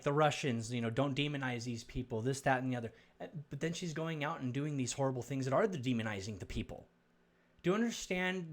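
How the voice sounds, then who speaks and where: A man commenting on video clips, preachy and stumbling, repeating words as he lectures viewers. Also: medium pitch.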